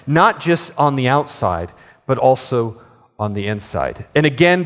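A man preaching a sermon, telling a childhood story in an earnest way and acting out pleading lines. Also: fairly high pitch. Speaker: pastor. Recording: long hall reverb.

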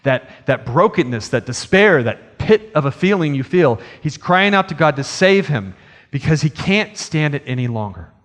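Male preacher, earnest sermon delivery that builds and slows for emphasis, slightly raised pitch, long reverb. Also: very animated, a bit bright. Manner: earnest, swells in emphasis and slows on key phrases.

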